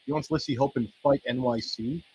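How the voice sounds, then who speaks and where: A podcast host rambles loosely, joking and swearing as he reacts to wrestling results. He speaks briskly in a mid-range voice with a darkish tone, and the audio is dull with a little hiss or hum.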